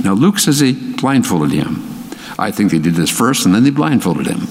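A man with a Minnesota accent teaching a Bible study, emphatic and animated, his voice jumping in pitch for emphasis. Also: moderate pace, big-room sound.

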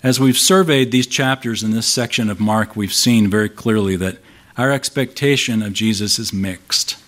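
A man's voice: fairly low pitch, moderate pace, fairly bright tone. A man pastor preaching an expository sermon, emphatic and asking rhetorical questions of his listeners. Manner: emphatic, shifts volume for stress.

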